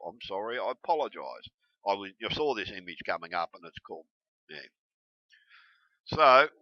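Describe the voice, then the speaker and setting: A man ranting heatedly to camera, swearing constantly and breaking into yelled bursts. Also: on the low side, dry recording. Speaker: video blogger. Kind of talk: angry profane rant to camera. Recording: dull lo-fi recording.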